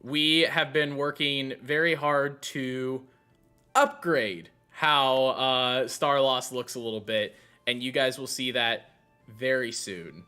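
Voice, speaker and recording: A co-host excitedly plugging merch and a sponsor in a casual chat. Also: medium pitch, takes it slowly, clean tone, faint music behind. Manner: excitable, laughing plugs.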